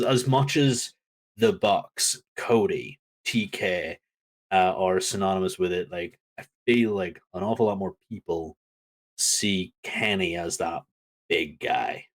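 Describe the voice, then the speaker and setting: A man co-hosting a casual wrestling chat, telling stories with lively acted-out reactions. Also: low-pitched. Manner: animated storytelling, acts out crowd reactions. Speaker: podcast co-host.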